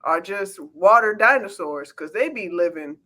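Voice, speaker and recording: A woman's voice: mid-range voice, animated, normal speed, pushed and bright. A woman co-hosting a casual chat show, laid-back and teasing. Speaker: podcast co-host.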